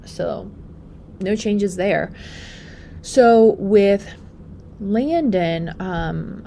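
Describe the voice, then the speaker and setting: A young woman talks casually on her own podcast, chatty and unscripted, and often sinks into a soft, breathy near-whisper. Her voice has a gravelly, fry-tinged texture at an ordinary middle pitch. A faint room ambience sits behind her. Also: noisy background. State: pregnant. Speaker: podcast host and functional practitioner. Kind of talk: casual solo podcast talk.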